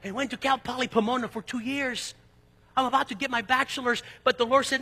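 An emphatic male pastor from East Los Angeles preaches with a bright, forceful voice that has a husky edge. His sermon mixes loud peaks with conversational asides and personal stories. It echoes through the long reverb of a church sanctuary. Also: very high-pitched, fairly even intonation, fast talker. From East Los Angeles, United States. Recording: long reverb of a large hall.

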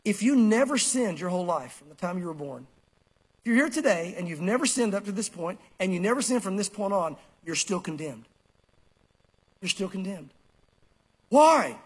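In a church, a pastor preaches to his congregation in a high, slightly rough voice. He is emphatic yet conversational, repeating his key phrases.

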